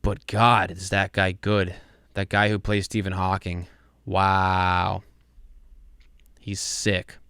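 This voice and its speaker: A man's voice: low-pitched, little pitch movement, slow pace, pauses often, fairly bright tone, clean tone, dry recording. Rambling man hosting a podcast, dry mic. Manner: rambling, swears casually, many restarts. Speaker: podcast host. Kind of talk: casual podcast chat.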